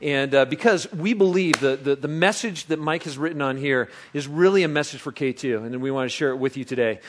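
Lively high-voiced male preacher. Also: brisk. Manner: lively, playful audience banter, drops to a soft reflective tone. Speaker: pastor. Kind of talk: sermon.

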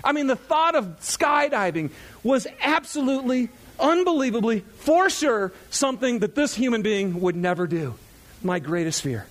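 A man in his thirties, a pastor, preaching in a chatty, animated storytelling way to his congregation. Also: extremely high pitch, moderate pace.

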